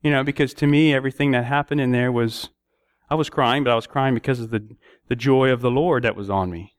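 A man's voice: fairly even intonation, a little fast, clear, resonant tone, no room sound. Man preaching a heartfelt sermon. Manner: storytelling, acting out prayers and dialogue with sudden rises in pitch.

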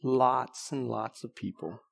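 A man preaching a sermon in a conversational way, restarting phrases and clearing his throat now and then. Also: mid-range voice, slow.

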